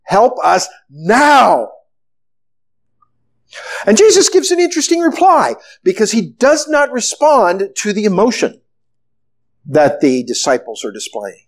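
A man preaching a sermon, retelling a story with animated, storytelling delivery. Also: sits high, normal speed. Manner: animated storytelling, acting out the disciples' panic. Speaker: pastor.

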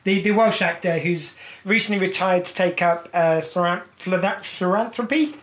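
A man's voice: sits high, normal speed, fairly bright tone, roomy sound. A man answering quiz questions in casual chat, rambling and amused at himself. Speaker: quiz contestant.

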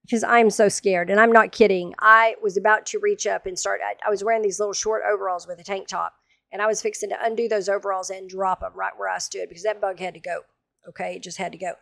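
Animated woman telling a story. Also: medium pitch, quick pace, vocal fry, no room sound, clean studio sound. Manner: animated, dramatic, humorous retelling. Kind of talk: casual storytelling monologue.

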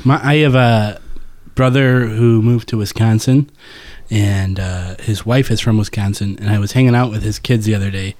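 A man's voice: fairly low pitch, normal speed, a little mellow, dry recording. A man co-hosting a casual podcast who tells stories and jokes in an easygoing way. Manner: easygoing storytelling, joking. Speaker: podcast co-host.

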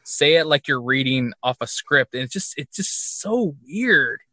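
A man's voice: mid-range voice, animated, measured pace, bright, forceful tone, no echo. A young man co-hosting a movie review podcast, giving wry, chuckling commentary. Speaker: podcast co-host. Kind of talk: casual movie review chat.

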